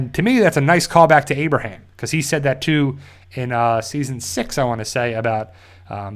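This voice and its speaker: Rambling man recapping a TV episode. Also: medium pitch. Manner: rambling, filler-heavy retelling with quick character quotes. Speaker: host of a TV review channel. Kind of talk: casual recap and review.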